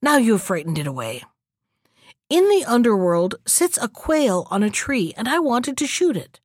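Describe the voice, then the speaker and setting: A woman's voice: on the high side, big pitch swings, normal speed, no room sound, clean studio sound. A woman voicing a proud, brusque sharpshooting man in a storybook reading. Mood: irritated. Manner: brusque, hushing.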